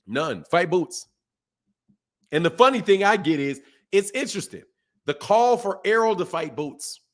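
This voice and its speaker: A man with a fairly high voice riffs on a live stream in blunt, casual slang. He circles back to the same phrases again and again to hammer a point home, swinging between rising emphasis and low, muttered asides. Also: measured pace. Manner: blunt, animated, repeats himself for emphasis. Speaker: boxing channel host. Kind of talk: casual livestream commentary.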